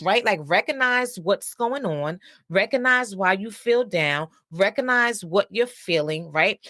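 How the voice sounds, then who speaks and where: Middle-aged lady telling a story, bright voice, dry close sound, lots of likes and rights. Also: medium pitch, dry recording. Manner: chatty, personal, lots of fillers and asides. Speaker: counselor and podcast host. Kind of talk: casual storytelling monologue.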